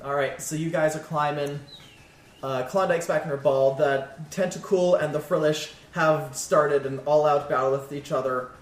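A man running a tabletop game as game master, casual and halting. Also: a little high, fairly even intonation. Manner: casual, halting, laughs often. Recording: echoey room, faint noise.

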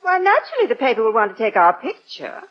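A sweet wife who coaxes her husband gently. Her voice is high and lively, swooping as she talks. The old radio recording is muffled, with faint hiss. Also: fast talker. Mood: coaxing. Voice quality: gentle, coaxing. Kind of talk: 1940s radio sitcom acting.

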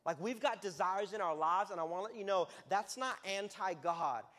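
A man preaching as a youth pastor in a sermon, talking in a loose, conversational way that breaks into loud, emphatic bursts. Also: high-pitched, normal speed. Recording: long hall reverb.

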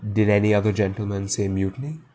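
Man reading as a pirate captain, storybook, silky, steely, courteous menace, low voice. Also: fairly even intonation, quick pace, mellow, close to an everyday voice. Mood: silky menacing.

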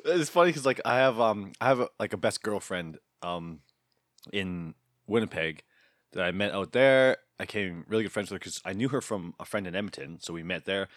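A man in his thirties with a lowish voice rambles through a self-deprecating story on a casual podcast. The sound is dry and close, with no room in it. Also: animated, fairly quick, no room sound. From Canada. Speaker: podcast co-host. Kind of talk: casual chat.

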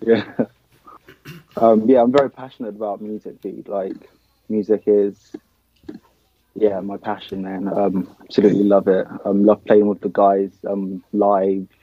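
A young man from Nigeria chats about his drumming in a low, level voice, loose and filler-heavy. The sound is dry and a little dull, like a remote call. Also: measured pace, no echo. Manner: relaxed, filler-heavy, says man and dude. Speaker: band drummer. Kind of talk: casual interview chat.

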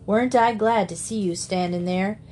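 Woman doing an old farm uncle, blunt country talk, brisk. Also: medium pitch, mellow, slight background noise, lightly acted. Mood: relieved. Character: excited elderly farmer uncle.

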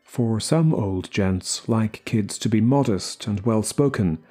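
A man reading a short story aloud as the narrator, in slow, measured scripted narration. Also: lowish voice, warm tone, husky. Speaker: story reader.

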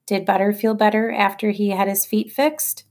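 A woman voicing a brisk, stern middle-aged woman guardian who speaks curtly and matter-of-factly. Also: mid-range voice, flat delivery, a little mellow, close to an everyday voice. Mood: rueful. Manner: curt and matter-of-fact.

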